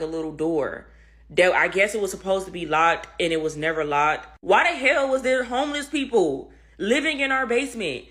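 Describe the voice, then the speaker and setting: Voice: mid-range voice, a bit bright. Casual, slangy storyteller. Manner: casual, slangy, addresses listeners as y'all.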